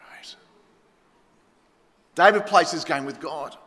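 A middle-aged Australian man preaches in a bright, high voice. He hits key words hard, then drops to a near hush. His voice rings through a church hall with a long reverb. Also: animated, a little slow. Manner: emphatic preaching, swinging between loud stresses and hushed lines. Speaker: pastor. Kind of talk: sermon.

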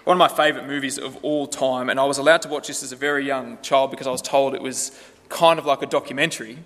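A man's voice: mid-range voice, fairly even intonation, quick pace, a bit bright. A man preaching a sermon in a conversational way, asking the listeners rhetorical questions. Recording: long hall reverb.

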